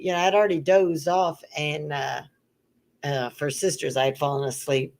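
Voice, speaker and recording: A woman's voice: sits low, flat delivery, normal speed, darkish tone. A woman co-hosting a casual live-streamed panel chat, teasing and laughing often as she acts out other people's lines. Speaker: livestream panel co-host.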